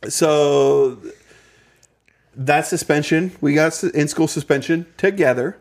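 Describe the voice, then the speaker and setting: A young man co-hosting a casual podcast, telling a story in a loose, rambling way, stacking up fillers and false starts as he goes. His voice sits a bit high for a man. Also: takes it slowly. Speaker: podcast co-host.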